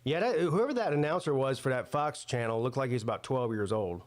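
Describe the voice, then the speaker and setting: A man's voice: mid-range voice, lively intonation, a little fast. A man hosting a live football watch-party stream, chatting loosely and thinking aloud with lots of fillers and restarts. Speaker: sports watch-party host. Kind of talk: casual live-stream commentary.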